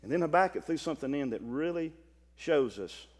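A high-voiced man preaching a Baptist sermon. His pitch swings widely as he builds from quiet asides to loud, exclaiming stretches. He speaks in a hall with a long echo. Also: lively intonation, fairly quick.

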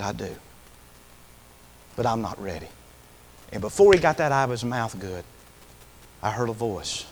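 A male preacher tells a story from his ministry in a sermon. His pitch sits in a middle range. He builds from plain telling into passionate, pleading preaching. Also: slight background noise. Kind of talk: sermon testimony.

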